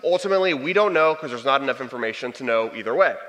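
A young man in his twenties telling a personal story to an audience in a lively, conversational way. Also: mid-range voice, rapid-fire. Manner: animated, conversational storytelling with acted quotes. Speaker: speaker sharing testimony. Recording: long hall reverb.

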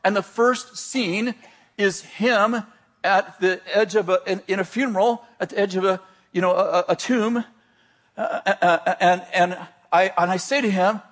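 A man who is a pastor, telling a story in a sermon in a lively, self-deprecating way, often restarting his sentences. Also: high voice, moderate pace.

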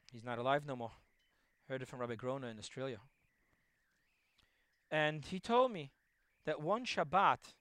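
A middle-aged man giving a Torah lecture as a rabbi, telling stories and swinging between loud emphasis and hushed asides. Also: on the high side, no room sound.

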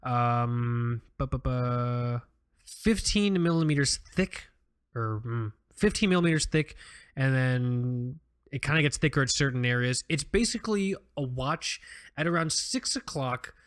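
Male podcast co-host, loose and jokey, talks in circles with restarts, mid-pitched. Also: expressive, unhurried, smooth. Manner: rambling, jokey, with many restarts and fillers. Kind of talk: casual chat.

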